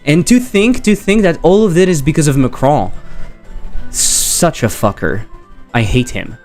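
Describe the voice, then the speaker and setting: A man's voice: fairly high pitch, expressive, a little slow, darkish tone, faint music behind. A man with a French accent, a game developer chatting casually on a livestream, rambling and joking as he reads chat aloud.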